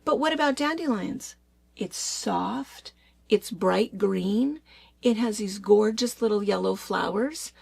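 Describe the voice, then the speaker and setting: A middle-aged woman from Washington State co-hosting a chat show, ranting in a chatty, animated way. Her voice is gravelly and husky, a little high for a woman, and it sits dry and close with no room sound. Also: slow pace, dry recording. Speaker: co-host. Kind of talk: casual chat.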